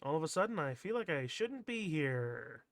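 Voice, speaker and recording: A man's voice: fairly high pitch, very animated, normal speed, gravelly, fairly bright tone, no room sound. A man streaming a visual novel, reading it aloud and dropping sardonic, wry asides.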